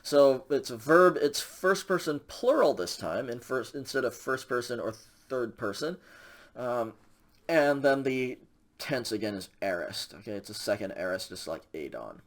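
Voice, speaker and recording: A man's voice: medium pitch, lively intonation, moderate pace. A man teaching a recorded language lecture, walking through grammar patiently with frequent ums and okays. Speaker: Greek instructor.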